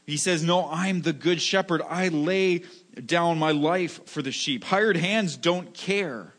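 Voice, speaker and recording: A man's voice: a little high, slow pace, a bit bright. A man preaching a sermon as a pastor, earnest and repetitive, often restarting phrases and asking "right?".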